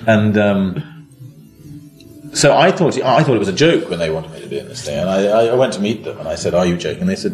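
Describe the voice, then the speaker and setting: A man's voice: on the low side, expressive, normal speed, vocal fry, darkish tone, reverberant, faint music behind. An older man from Britain, an actor being interviewed, speaking in a hesitant, self-deprecating way with many restarts. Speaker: actor guest. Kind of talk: relaxed interview chat.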